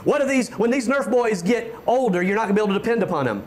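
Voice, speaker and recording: A man preaching a fervent sermon as pastor, often stammering on restarts and building to shouts. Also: high-pitched, quick pace.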